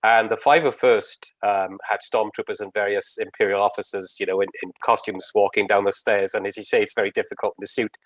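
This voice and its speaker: A man host chatting in a relaxed interview. He tells a funny story and laughs along with it. His voice sounds dry and close, with no room around it. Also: lowish voice, a little fast, hardly any pauses, no room sound, low-quality recording. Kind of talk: casual interview chat.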